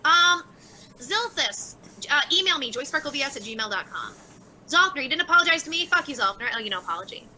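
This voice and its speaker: A woman's voice: high-pitched, very animated, brisk, sharp tone, slight background noise, low-quality recording. A woman hosting a casual livestream, reading out viewer chats and answering them by name in a sarcastic, laughing way. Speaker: livestream host.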